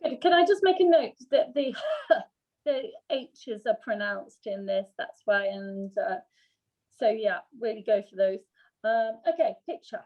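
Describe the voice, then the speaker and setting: A woman's voice: a little high, a little slow, dull audio. Woman directing a read-through. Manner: friendly, hesitant, laughs easily. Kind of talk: giving notes at a read-through.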